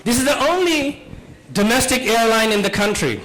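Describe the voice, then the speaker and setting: High-voiced male stand-up comic. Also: low-quality recording. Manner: animated, jumps into quick character voices. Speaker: stand-up comedian. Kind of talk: stand-up comedy set. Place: comedy club stage with live audience.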